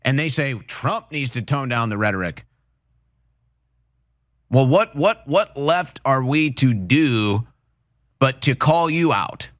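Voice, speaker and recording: A man's voice: mid-range voice, animated, slow, long pauses, fairly bright tone, no room sound, studio quality. A man giving indignant political commentary, hammering his points through repetition. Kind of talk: opinion commentary.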